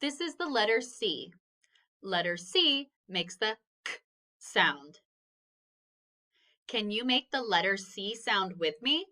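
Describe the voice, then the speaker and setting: A woman's voice: medium pitch, sing-song, takes it slowly, pauses often, pushed and bright. A woman teaching a phonics lesson to children, patiently sounding out each letter and praising answers.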